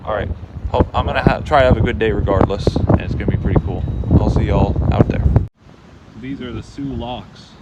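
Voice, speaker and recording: A man's voice: on the low side, brisk, lo-fi sound. A man talking casually to camera while on a motorcycle trip, rambling and swearing now and then. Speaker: motorcycle travel vlogger. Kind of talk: casual vlog talk to camera. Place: outdoors on the road. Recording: wind noise on an outdoor mic.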